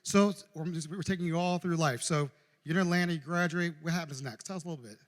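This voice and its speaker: A man hosting a live stage interview, giving the guest quick, encouraging prompts. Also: fairly high pitch. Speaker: host. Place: live event venue before an audience. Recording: reverberant live event hall, off-mic.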